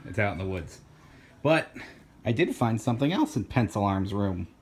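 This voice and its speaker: A man's voice: lowish voice, animated, normal speed, background noise. A man hosting a casual home vlog, teasing and giggling like a prankster. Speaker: vlog host. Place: home indoors.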